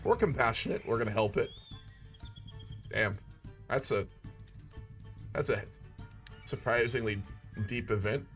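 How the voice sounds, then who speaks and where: Casting note: man, mid-pitched voice, loose cursing let's-play commentary with a wry edge. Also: lively intonation, measured pace, long pauses, a bit bright, soft background music. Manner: profane, wry asides. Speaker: gaming video creator. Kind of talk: casual gameplay commentary.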